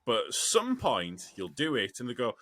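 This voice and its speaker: A man co-hosting a casual podcast, joking, agreeing quickly and explaining things with animated asides. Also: mid-range voice, no room sound. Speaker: podcast co-host. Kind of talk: casual chat.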